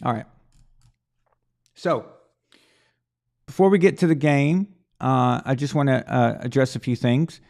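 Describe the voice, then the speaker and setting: Gravelly-voiced man hosting a rambling sports stream. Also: medium pitch, a little slow, long pauses, darkish tone. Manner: rambling, stumbling restarts and repeated words. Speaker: live show host. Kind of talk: casual sports talk livestream.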